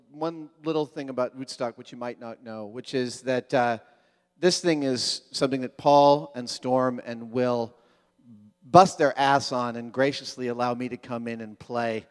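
A man's voice: mid-range voice, clear, resonant tone. A man telling playful stories to a live convention audience from the stage. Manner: playful, joking, quick bursts. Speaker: stage guest speaking at a fan convention. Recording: reverberant live hall.

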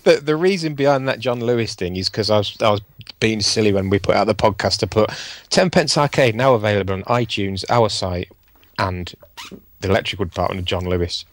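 A man's voice: fairly low pitch, fairly quick. A man co-hosting a podcast, chatting wryly and reading out listener feedback. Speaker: podcast co-host.

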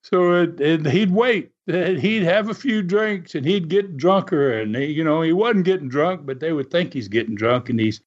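A man on the high side hosts a podcast, telling a laid-back story at normal speed with lively intonation and few pauses. He rambles and fills gaps with lots of "uh," in dull lo-fi audio.

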